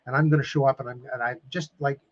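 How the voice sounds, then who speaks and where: A man's voice: mid-range voice, steady tone, quick pace, muffled recording. A man coaching viewers on a live stream, emphatic and emotional, repeating phrases and calling them his friends. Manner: openly emotional and effusive.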